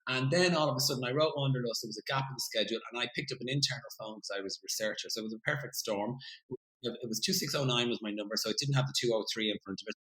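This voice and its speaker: A middle-aged Irish man telling stories as an interview guest, animated and swearing freely as he acts out what people said. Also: mid-range voice, racing, low-quality recording. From Ireland. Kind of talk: casual storytelling interview.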